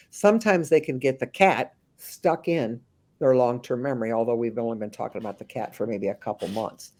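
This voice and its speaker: Animated storytelling woman consultant. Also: very deep voice. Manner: animated storyteller, slips into voices of the people she describes; frequent restarts and thinking aloud. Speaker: memory care consultant, guest. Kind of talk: interview answers with acted-out anecdotes.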